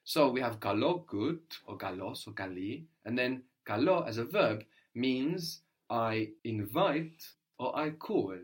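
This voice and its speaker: A man's voice: mid-range voice, lively intonation, measured pace, few pauses. Man, patient language teacher, questioning, tag "no?". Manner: patient, prompting the learner with questions, ends many lines with "no?". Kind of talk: Greek language lesson.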